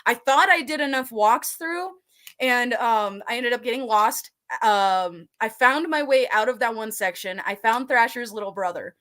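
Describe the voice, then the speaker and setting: Giggly rambling woman with a high voice. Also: moderate pace, fairly bright tone. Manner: giggly, rambling, swears freely, many fillers. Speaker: guest, haunt actor and burlesque performer. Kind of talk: casual storytelling chat.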